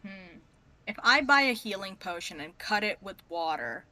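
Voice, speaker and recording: A woman's voice: medium pitch, big pitch swings, normal speed, pushed and bright, soft background music. A woman playing in a tabletop game, playful and joking with the group. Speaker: tabletop player. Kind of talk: casual game chat.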